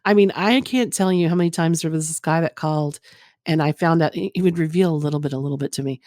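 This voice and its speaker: Woman guest, low voice, candid and rambling, casual podcast talk, dry sound. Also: quick pace, darkish tone, dry recording. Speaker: guest, former phone sex operator.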